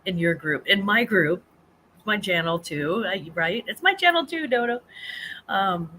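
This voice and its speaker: A woman's voice: mid-range voice, lively intonation, a little slow, bright, forceful tone, slight background noise. A middle-aged woman hosting a casual live chat stream from home, rambling and reading comments, laughing often and restarting her sentences.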